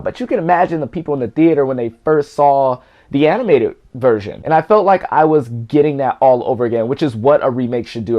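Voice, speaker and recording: Man, 20s, casual film reviewer, chatty, excitable, rambling, mid pitch. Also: dull audio. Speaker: movie reviewer.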